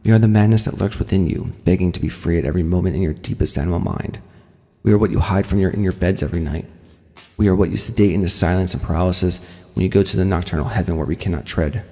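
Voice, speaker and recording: A man voicing a sinister, maddened male test subject who speaks with calm menace in a creepypasta reading. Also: low-pitched, gravelly, big-room sound. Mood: menacing. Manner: menacing, slow, taunting.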